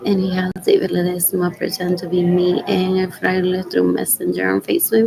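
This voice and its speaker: A woman rambling through a solo livestream, mixing English and Spanish, drifting between loud talk and near-whispers and repeating questions to herself. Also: fairly low pitch, flat delivery, moderate pace, creaky, few pauses, slight background noise, poor audio. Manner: mixes English and Spanish mid-sentence.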